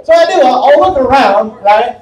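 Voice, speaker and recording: A man's voice: extremely high pitch, expressive, normal speed, darkish tone. A young man doing a crude, self-mocking stand-up set in a small bar. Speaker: stand-up comedian. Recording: echoey bar from far off.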